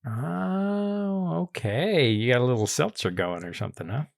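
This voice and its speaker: A man hosting a casual podcast chat, relaxed and chuckling often. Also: mid-range voice, a little slow, vocal fry, dry recording, studio quality. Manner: relaxed, chuckling, reads tasting notes. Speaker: podcast host.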